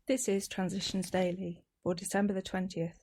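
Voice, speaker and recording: Woman, middle-pitched voice, steady and deliberate reading aloud. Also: soft background music. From East Midlands, England. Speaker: reader of daily recovery readings.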